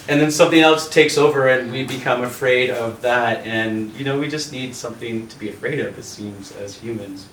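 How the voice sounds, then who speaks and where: A man from Canada tells a lively story on a video call, laughing often and acting out voices. He sits back from the mic in a roomy space, with faint hiss underneath. His pitch sits in the middle range. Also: recorded from a distance. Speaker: yoga teacher and host.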